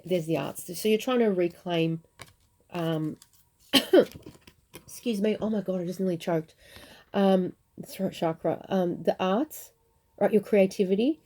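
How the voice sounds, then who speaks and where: A woman giving an intuitive tarot reading to camera, earnest and reassuring, often pausing and restarting as she searches for words. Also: fairly low pitch, mellow. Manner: searching, repetitive, speaks in halting restarts; earnest, reassuring, addresses viewers directly. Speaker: tarot reader.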